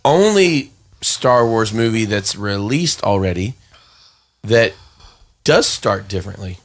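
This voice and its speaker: A man's voice: fairly low pitch, lively intonation, takes it slowly, soft background music. A man co-hosting a movie podcast, explaining his views in an easygoing chat. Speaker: podcast co-host. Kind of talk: casual movie review chat.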